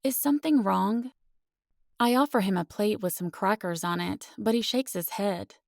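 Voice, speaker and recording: A woman narrating a first-person romance audiobook with expressive, earnest storytelling. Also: mid-range voice, normal speed, vocal fry, dry recording, studio quality.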